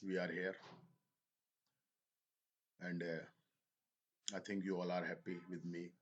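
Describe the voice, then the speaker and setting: A male teacher with a lowish voice speaks to his class. He talks slowly, halts and repeats phrases as he explains. He slips into now and then. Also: slightly rough, highs cut off. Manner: slow, halting, repeats phrases, switches into Hindi. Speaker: English teacher. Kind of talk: slow spoken lesson.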